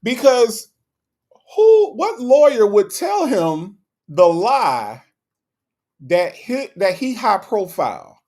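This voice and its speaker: Male stream host, casual and slangy, animated rhetorical back-and-forth with chat. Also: fairly high pitch, gravelly. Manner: animated, rhetorical questions, repeats himself; slangy, conversational. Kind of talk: casual live commentary reading chat.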